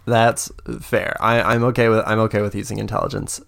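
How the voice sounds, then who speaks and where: A man's voice: fairly low pitch, level tone, a little fast, gravelly, a bit bright. A man narrating as game master of a tabletop game, hesitant, with many fillers and restarts.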